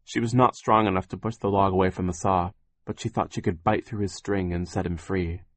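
A man narrating an audiobook in a dry, wry storytelling manner, pausing to explain words. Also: sits low, steady tone, fairly bright tone, no echo.

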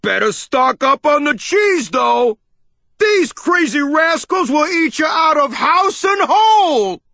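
Casting note: loud, high-pitched young rat buddy for an audiobook, shouty and lively. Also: male voice, slow, dry recording, heavily acted. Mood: boisterous. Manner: shouting, boisterous. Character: brash loud young male rat pal. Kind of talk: audiobook character voice.

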